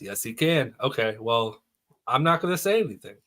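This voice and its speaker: A man's voice: medium pitch, lively intonation, fairly quick, fairly bright tone. A man hosting a livestream, chatting casually and thanking supporters in a self-deprecating way. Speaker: livestream host. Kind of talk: casual chat.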